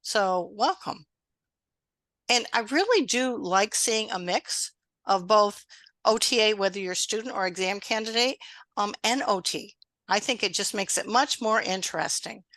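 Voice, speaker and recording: A woman's voice: medium pitch, expressive, measured pace, dry recording. A middle-aged woman hosting an online exam-prep webinar, chatty and encouraging, talking over a video call. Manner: warm, encouraging, conversational.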